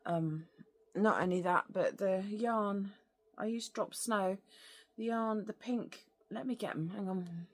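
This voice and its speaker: A woman's voice: medium pitch, slow. A woman hosting a crafting podcast, talking casually and rambling with many fillers. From lives in France. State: out of breath. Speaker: podcast host. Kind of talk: casual chat.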